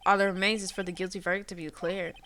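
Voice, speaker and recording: Woman reading a haughty older male prosecutor from a game, clipped and bright-toned. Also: fairly low pitch, little pitch movement, rapid-fire, slight background noise.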